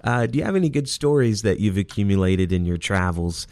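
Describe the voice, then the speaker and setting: A man's voice: on the low side, expressive, fairly quick, dry recording. A man hosting a casual interview, affirming his guest often. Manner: affirming, warm listener with short interjections. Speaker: interview host.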